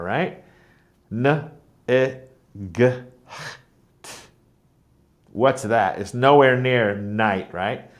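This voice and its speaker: An American man, a teacher trainer, giving an instructional video lesson on pronunciation and repeating words to model the sounds. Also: mid-range voice. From United States.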